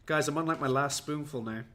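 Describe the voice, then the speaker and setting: With a slightly high, fairly bright voice, this tired Welsh livestream host chats casually with his viewers. He's jetlagged and rambles on, making fun of himself.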